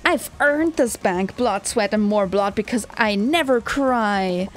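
A woman's voice: mid-range voice, slow, a little hiss or hum, lightly acted. A woman reading the lines of a greedy bank-owner villain in a video game, boastful and sneering. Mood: gloating.

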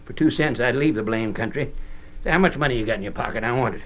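A man reading aloud and voicing a drunken, greedy backwoods father who demands money in a gruff, bullying way, on a dull old record. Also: medium pitch, fast talker, fairly bright tone, natural voice.

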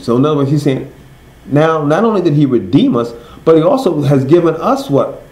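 Guy teaching bible class, reads verses real slow, asks the room questions, echoey. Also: fairly high pitch, sing-song, warm tone. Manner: asks the class questions, then answers them; reads verses slowly and stresses each word.

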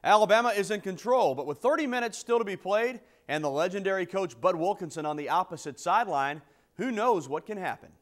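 A man giving scripted play-by-play narration of a classic football game in a brisk delivery. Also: high-pitched, lively intonation. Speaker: sports narrator. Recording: narration over loud music.

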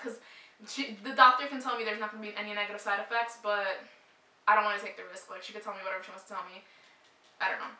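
A woman's voice: mid-range voice, bright, forceful tone, echoey room, far from the mic, poor audio. A young woman vlogger chatting casually to camera, short of breath, with a lot of "like" and "um". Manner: chatty, frequent "like" and "um" fillers.

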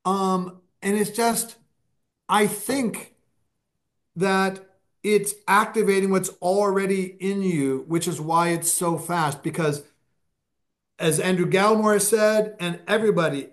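Guy with a pretty high voice rambling through stories on a podcast, lively, speeds up then slows down. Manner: animated, anecdotal, speeds up and slows down. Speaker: podcast guest. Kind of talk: casual interview storytelling.

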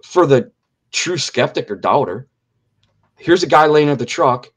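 A man's voice: a little high, expressive, a little slow. Earnest middle-aged man telling his story. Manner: earnest storytelling, repeats key phrases for emphasis. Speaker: interview guest. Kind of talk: personal testimony in an interview.

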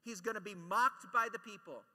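A man gives a lively conference talk, high in pitch and very bright in tone. He jokes, acts out quotes and keeps the crowd with him. His voice rings with the long reverb of a large hall. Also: moderate pace. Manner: animated, joking asides and acted-out quotes. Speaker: speaker at a Catholic conference.

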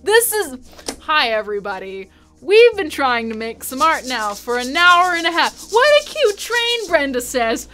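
A woman's voice: high voice, big pitch swings, measured pace, bright, forceful tone. A woman streamer chatting casually to her live audience, reacting to jokes with laughs and exclamations. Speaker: music livestreamer. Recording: faint music behind.

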